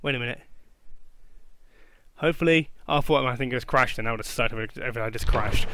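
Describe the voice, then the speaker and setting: A young man hosting a gaming channel, giving excitable, joking, profane commentary as he plays online with teammates. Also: mid-range voice, a little fast, background noise. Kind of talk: live gameplay commentary. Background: game music.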